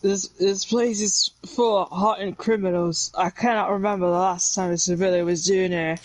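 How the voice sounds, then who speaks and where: A woman voicing a gruff middle-aged male prison governor with a put-on Scottish accent, reading game dialogue aloud slowly. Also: on the low side, fairly even intonation, no echo, natural voice, low-quality recording. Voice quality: slow, slurring delivery.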